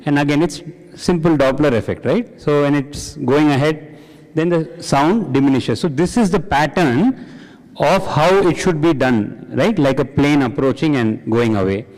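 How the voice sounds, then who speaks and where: A man's voice: a little high, moderate pace, darkish tone. A man leading an interactive spiritual class who quizzes his audience and praises their answers. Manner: questioning and encouraging the audience. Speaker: satsang discussion leader. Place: large hall with an audience. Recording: reverberant hall.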